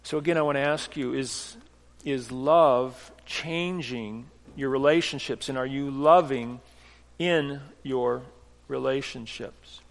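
Earnest preacher in a reverberant hall. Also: male voice, medium pitch, slow, gravelly. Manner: earnest storytelling with restarts, swinging from hushed to emphatic. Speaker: pastor. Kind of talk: sermon.

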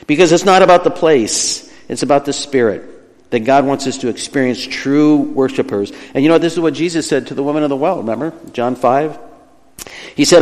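Preaching man in a reverberant hall. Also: mid-range voice. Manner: earnest preaching, slows down and drops quieter for quoted words of God. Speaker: pastor. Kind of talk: sermon.

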